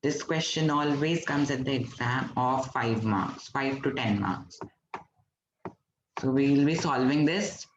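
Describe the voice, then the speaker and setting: An Indian man with a mid-range, slightly slow voice teaches French to an online class, patiently explaining step by step and quizzing his students. The recording is roomy, dull, and lo-fi, with a bit of hiss or hum.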